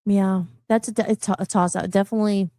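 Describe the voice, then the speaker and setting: A middle-aged woman musician hosting a live radio talk show, rambling and animated, often restarting her sentences. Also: mid-range voice, a little fast, dry recording, clean studio sound. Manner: animated, rambling, frequent restarts and self-interruptions.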